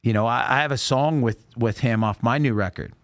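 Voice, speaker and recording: Male podcast host, middle-aged, lively slangy storyteller, dry close sound. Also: mid-range voice, a little fast, no room sound. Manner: animated storyteller, slangy, acts out quotes. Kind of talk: casual chat.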